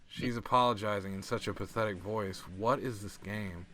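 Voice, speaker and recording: A young man co-hosting a casual game let's-play, reading visual novel text aloud and cracking profane deadpan jokes. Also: fairly low pitch, moderate pace, few pauses.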